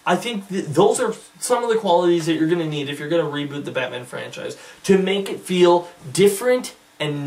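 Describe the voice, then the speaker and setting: A man's voice: fairly high pitch, distant mic. A man vlogging casual commentary, rambling and restarting his sentences often.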